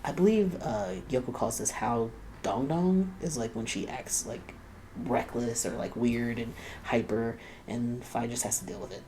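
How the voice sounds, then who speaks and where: A man's voice: mid-range voice, unhurried, a little mellow, a little hiss or hum. A young man hosting a reaction video, chatting casually and laughing often as he quotes the people he watches.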